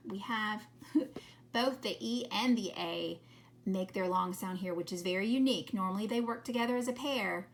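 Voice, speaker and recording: A woman teaching a phonics lesson to children, sounding out words slowly and patiently. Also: medium pitch, a bit bright, slight background noise.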